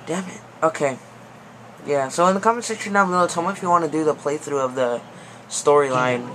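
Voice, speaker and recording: A young man giving excitable, panicky commentary over a fighting game, pleading and yelling at it. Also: on the high side, fairly quick. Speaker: gaming video host. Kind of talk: gameplay commentary. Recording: noisy background.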